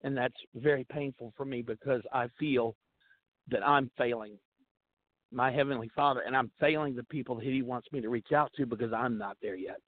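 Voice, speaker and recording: A man's voice: medium pitch, steady tone, moderate pace. A man speaking as a guest on faith talk radio, earnest and pleading, sharing an emotional testimony. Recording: tinny phone line.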